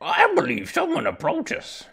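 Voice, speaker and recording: A man voicing an ancient male sage who speaks slowly and solemnly, in a creaky old-man voice. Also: very high-pitched, wildly swooping pitch, fairly bright tone, voice pushed up, heavily acted. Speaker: let's play host voicing characters.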